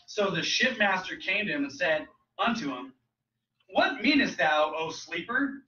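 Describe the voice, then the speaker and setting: Bright-voiced man preaching in echoey church. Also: sits high, a little hiss or hum. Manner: casual, joking preaching with mocking quoted voices. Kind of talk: sermon. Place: church sanctuary. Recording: roomy, distant, dull church recording.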